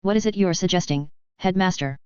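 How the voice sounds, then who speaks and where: A woman's voice: lowish voice, fairly quick, a little mellow, clear, resonant tone, no echo, highs cut off, lightly acted. A woman voicing a vain, defensive male wizard professor who talks insistently in a storybook reading. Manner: insistent, self-justifying.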